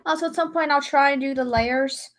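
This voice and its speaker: An Irish young woman with a notably high voice chats casually on a livestream, talking a little fast with fairly even intonation. She rambles from one thought to the next, often breaking off mid-sentence to start over.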